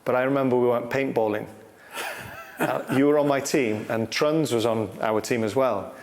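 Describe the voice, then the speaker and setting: Relaxed interviewer. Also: male voice, mid-range voice, normal speed, gravelly, big-room sound, a little hiss or hum. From North Wales. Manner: relaxed, laughs while telling stories. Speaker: interviewer, former footballer. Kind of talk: friendly interview questions and anecdotes.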